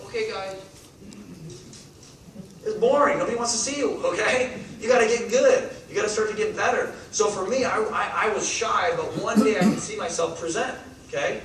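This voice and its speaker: A man in his thirties giving an energetic motivational talk to a live audience, firing off questions to the crowd. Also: high-pitched. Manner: energetic, rapid-fire, asks the crowd questions. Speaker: network marketing speaker. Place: large meeting hall. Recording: echoey hall, distant mic, background noise.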